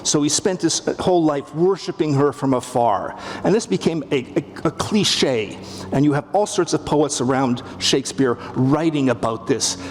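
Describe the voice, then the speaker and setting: A man's voice: fairly high pitch, moderate pace, slight background noise. A middle-aged man with a Canadian accent giving a wry, humorous public lecture on a theatre stage, acting out quotes as he goes. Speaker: literature professor lecturing. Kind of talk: public lecture to a live audience. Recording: long reverb of a big hall, faint ambience.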